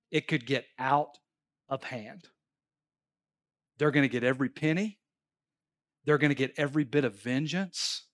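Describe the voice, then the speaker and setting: A male pastor preaching a sermon at a church service, telling stories and pressing his points emphatically. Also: medium pitch. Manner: animated, emphatic storytelling preacher.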